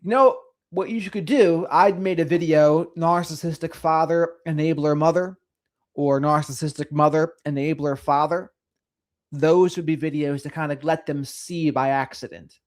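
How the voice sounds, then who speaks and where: A middle-aged man hosting a casual livestream, speaking in a slightly higher register for a man. His delivery is sing-songy and lively as he chats with viewers. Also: moderate pace. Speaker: livestream host. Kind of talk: casual livestream chat reading comments.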